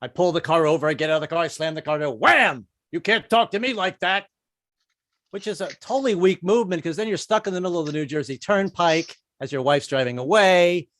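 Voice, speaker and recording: Brief: stand-up man in his 50s, high-pitched, dry close mic, rambling, self-mocking. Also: quick pace, hardly any pauses, dry recording. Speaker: stand-up comedian. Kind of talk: stand-up comedy set.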